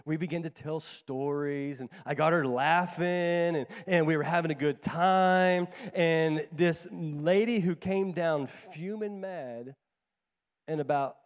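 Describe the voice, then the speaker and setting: A man's voice: fairly high pitch, slow. A man pastor telling a story in a sermon, talking in a conversational, folksy way and often repeating words. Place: church sanctuary. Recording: echoey church hall.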